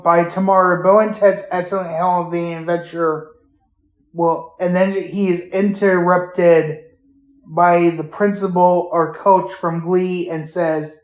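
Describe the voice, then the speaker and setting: A man hosting a casual podcast, retelling a show haltingly with many fillers and restarts. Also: sits high. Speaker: podcast host. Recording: roomy echo.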